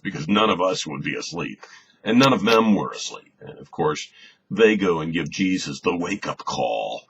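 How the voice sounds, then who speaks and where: A man teaching a conversational Bible lesson, relaxed and thinking aloud, often repeating a word as he searches for the next one. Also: very deep voice. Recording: slightly dull recording with faint hiss.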